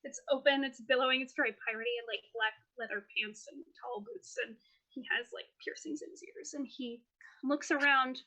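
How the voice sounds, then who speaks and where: A woman runs a tabletop game with a high, bright voice. She narrates scenes in a lively, playful way and laughs often between descriptions. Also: moderate pace. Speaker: game master.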